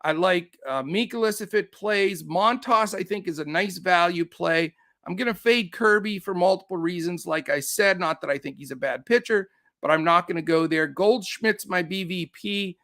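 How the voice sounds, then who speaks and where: Male host, breathless and upbeat, sharp bright tone, dry recording. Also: sits high, no echo. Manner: quick, upbeat, many fillers. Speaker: fantasy sports host. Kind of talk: live-stream picks rundown.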